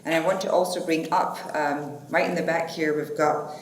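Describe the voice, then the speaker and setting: A woman's voice: deep voice, fairly even intonation, normal speed. A woman moderating a conference panel, chatty and informal. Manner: chatty, informal, uses fillers. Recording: echoey conference hall, faint noise.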